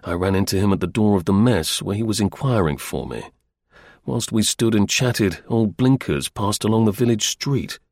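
Husky male audiobook narrator, dry sound. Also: lowish voice, dry recording. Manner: measured, even storytelling. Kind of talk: first-person audiobook narration.

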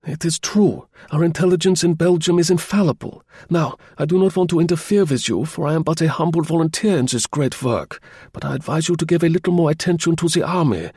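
A man doing a solemn old German baron, high and husky. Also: fairly quick, darkish tone, no room sound, clean studio sound. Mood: urgent warning. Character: pompous older male German baron, solemn and insistent.

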